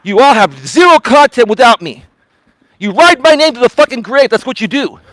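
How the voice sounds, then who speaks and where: A man's voice: very high-pitched, sing-song, moderate pace, a bit bright, dry recording. A man, a life coach hosting his livestream, ranting confrontationally outdoors on a walk, repeating himself and swearing. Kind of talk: heated livestream rant.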